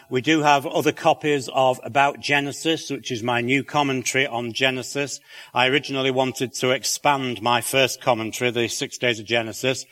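British guy, slight lisp, bright voice, chatty church talk in a big echoey hall. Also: mid-range voice. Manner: chatty, wry asides, many fillers. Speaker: creationist speaker.

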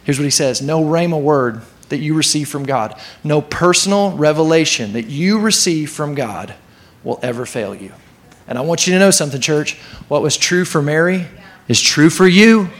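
A man pastor preaching to his church in an animated way, sometimes acting out the voices in the story. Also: on the high side, moderate pace. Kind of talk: sermon.

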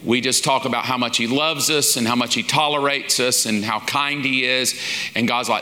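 This man's voice has a medium pitch and a steady tone at a moderate pace, sounding pushed and bright. He's a pastor teaching one of a series of lessons as a conversational sermon, folksy and informal, acting out little quoted asides. The recording carries the long reverb of a large hall.

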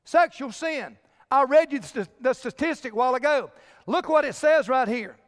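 A man's voice: very high-pitched, animated, normal speed, big-room sound. A male pastor preaching a sermon with emphatic direct appeals to his congregation.

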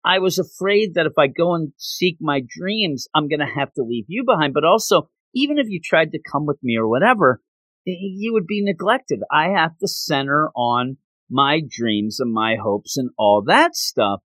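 A man's voice: on the high side, animated, normal speed, fairly bright tone, dry recording. A man voicing a tearful young female student who talks hurriedly. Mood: evasive.

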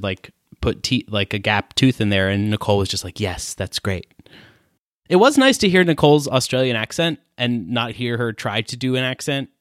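A man's voice: mid-range voice, fairly bright tone, dry recording. Dry-sounding man in casual chat. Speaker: podcast co-host.

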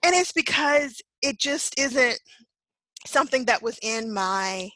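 A woman guest telling stories in a casual chat, animated and self-deprecating, laughing often as she acts out what people said. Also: on the high side, slow, no echo, rough recording. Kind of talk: casual storytelling in conversation.

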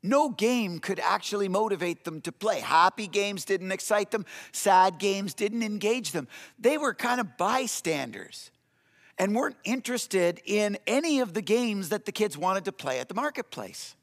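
A man with a fairly high voice preaches a sermon as a pastor. He talks in a loose, conversational way and often stops to rephrase. The sound carries a long reverb. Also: animated, normal speed, a bit bright. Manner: conversational, with frequent fillers and restarts.

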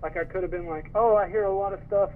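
A man's voice: sits high, steady tone, quick pace. A man co-hosting a casual sports podcast, easygoing with dry, agreeing replies. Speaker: podcast co-host. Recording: tinny phone-like sound with faint noise.

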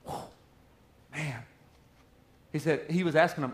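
A man's voice: medium pitch, normal speed, long pauses. A male pastor preaching a sermon in a conversational, joking way. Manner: conversational and joking, acting out quotes.

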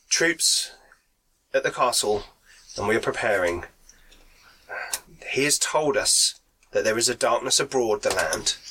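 A man voicing a battle-worn male mountain soldier captain who speaks in a halting, solemn way. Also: medium pitch, pushed and bright, slight background noise, low-quality recording.

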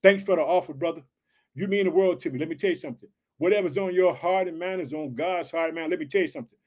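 A man preaching and praying to an online audience, excited and full of repeated catchphrases. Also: fairly high pitch, quick pace. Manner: excited, repeats "let me tell you something" and "guess what". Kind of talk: online sermon and prayer.

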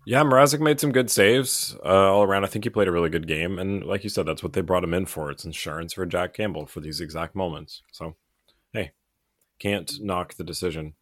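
A man's voice: sits low, fairly even intonation, fairly quick, dry recording, studio quality. A man hosting a casual sports podcast, easygoing as he leads the recap. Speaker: podcast host.

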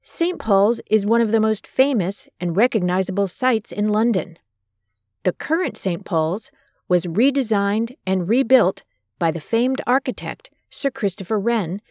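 A woman hosting a podcast, reading a scripted narration and commentary in a measured, emphatic way. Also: mid-range voice, a little mellow, no echo, studio quality. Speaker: podcast host. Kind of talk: scripted narration of a personal story and biblical commentary.

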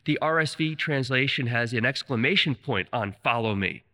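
Fervent preacher man, forceful voice. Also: medium pitch, lively intonation, normal speed, in a large hall. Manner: fervent storytelling, retelling scripture. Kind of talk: sermon.

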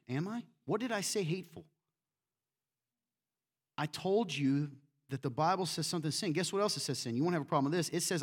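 A man preaching a sermon in a church, animated and acting out quotes in different voices. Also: on the high side, quick pace, pauses often, breathy edge. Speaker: pastor.

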